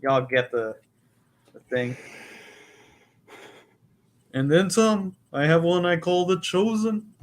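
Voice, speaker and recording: A man's voice: high-pitched, takes it slowly, long pauses. Profane, joking man co-hosting a podcast. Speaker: podcast co-host. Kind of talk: casual chat.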